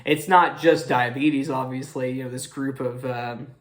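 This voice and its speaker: A man's voice: medium pitch, steady tone, measured pace. A young man hosting a casual movie review, talking in a rambling way with many fillers and apologetic self-corrections.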